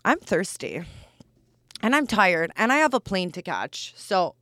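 A woman's voice: medium pitch, sing-song, a little slow, fairly bright tone, dry recording. A woman in her twenties hosting a casual solo podcast, talking candidly and bluntly with lots of "like" fillers. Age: 20s. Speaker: podcast host.

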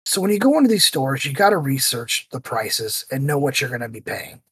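A man hosting a podcast, telling stories in a casual, animated way and acting out the voices he quotes. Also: mid-range voice, brisk, slightly rough, no echo. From United States. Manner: animated storyteller who acts out quoted voices. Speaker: podcast host.

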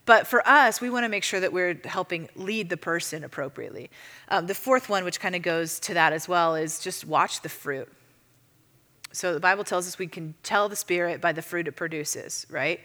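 Bright-voiced woman teaching in a reverberant hall. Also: on the low side, normal speed. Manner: chatty, filler-heavy, animated storytelling. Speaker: ministry teacher. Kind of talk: casual teaching talk.

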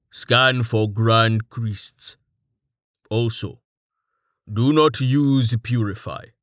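A stoic armored warrior, as a man voices him, heavy and deliberate, every word formal and unhurried. His voice sits low and very slow, recorded dry and close. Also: dry recording. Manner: slow, measured and formal, no contractions. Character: stoic, dryly humorous armored male warrior.

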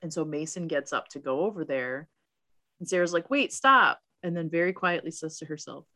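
A woman's voice: low voice, steady tone, a little fast. A woman co-hosting a casual chat, recapping a movie from her notes and laughing often. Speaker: podcast co-host.

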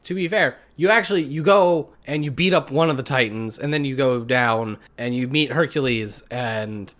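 A man's voice: mid-range voice, normal speed, a bit bright. A man co-hosting a casual gaming podcast, recapping a game's plot with profane, sarcastic jokes. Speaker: podcast co-host.

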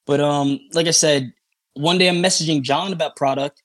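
Animated, swearing man telling a story. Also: fairly high pitch, normal speed, no room sound, clean studio sound. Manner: animated, swears freely, acts out quoted talk. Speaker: podcast guest. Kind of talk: casual storytelling.

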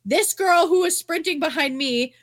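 A woman co-hosting a podcast, telling a story in a casual, animated way, swearing freely and full of "like". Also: very high voice, normal speed, no room sound, clean studio sound. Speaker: podcast co-host.

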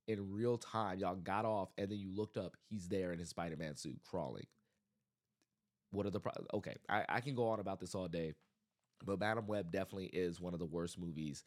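Man, podcast host, casual movie review, animated exasperated rant, fairly low voice. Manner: animated, exasperated ranting with many restarts.

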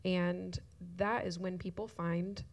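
A woman's voice: fairly low pitch, fairly even intonation, takes it slowly. A woman speaking earnestly in a shared church talk, tearful at times. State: crying at times.

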